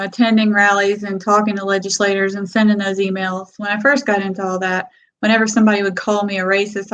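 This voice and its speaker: A woman with a Kentucky Southern accent, a guest speaking plainly and calmly in a casual interview. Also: mid-range voice, low-quality recording. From Texas-born, raised by Kentucky family. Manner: plainspoken, calm, lets out small laughs. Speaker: guest, gun-rights advocate.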